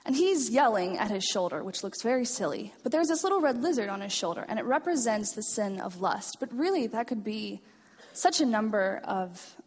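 A woman's voice: medium pitch, sing-song, moderate pace, slightly rough. A woman giving a chapel message to students, earnest and self-deprecating, retelling stories in a hall. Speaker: chapel speaker. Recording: reverberant hall.

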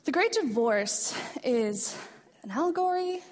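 A woman's voice: sits high, animated, measured pace. Earnest woman speaking in a chapel hall. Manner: earnest, self-deprecating, storytelling. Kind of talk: chapel message to students. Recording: reverberant hall.

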